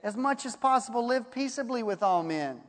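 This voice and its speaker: A man preaching a sermon in a folksy storytelling way, reading scripture slowly. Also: very high-pitched, animated, long reverb tail.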